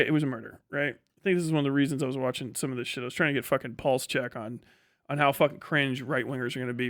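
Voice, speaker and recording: Streamer guy, high voice for a man, swears constantly, rants hard and breaks into laughter. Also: fairly bright tone. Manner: profane, ranting, laughs often. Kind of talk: casual livestream commentary.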